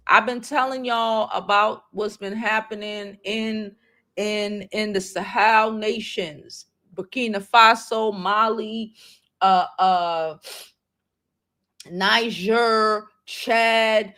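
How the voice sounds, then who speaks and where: A woman's voice: mid-range voice, steady tone, slow pace, sharp tone. Emotional, emphatic woman on a livestream. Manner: emphatic, profane, repeats affirmations; emotional and heartfelt. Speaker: livestream host. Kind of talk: casual livestream commentary.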